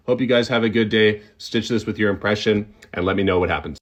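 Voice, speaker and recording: A man's voice: mid-range voice, fairly even intonation, quick pace, few pauses. A young adult man giving a comic tutorial on doing an impression, instructional and breaking off to demonstrate.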